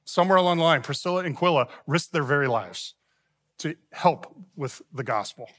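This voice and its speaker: A middle-aged man preaches a sermon, his voice sitting a little higher than most men's. He talks like he is telling a story to friends, acting out the people he quotes. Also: lively intonation, a little fast, fairly bright tone. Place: church sanctuary.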